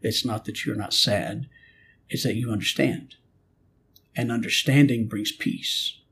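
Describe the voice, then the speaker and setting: A man's voice: medium pitch, unhurried, vocal fry, fairly bright tone, slight background noise. A middle-aged man, a pastor, telling a personal story in an earnest preaching manner and acting out his prayers and God's replies. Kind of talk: storytelling in a spiritual conversation.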